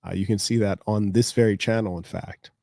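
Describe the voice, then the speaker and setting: A man's voice: fairly low pitch, steady tone, brisk, gravelly, darkish tone, no room sound, clean studio sound. An American man streaming live, lecturing his viewers in a confrontational monologue. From United States.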